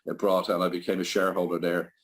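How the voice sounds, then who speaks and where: Older Irish man, low voice, rambling anecdotes, interview guest. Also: flat delivery, quick pace. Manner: rambling anecdotal, with frequent restarts. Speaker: guest entrepreneur. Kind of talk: storytelling interview.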